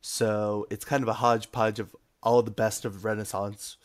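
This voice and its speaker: A man from Massachusetts, a game designer, talking casually as a guest in an interview, relaxed and hesitant with frequent ums. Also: fairly low pitch, moderate pace. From Massachusetts, USA.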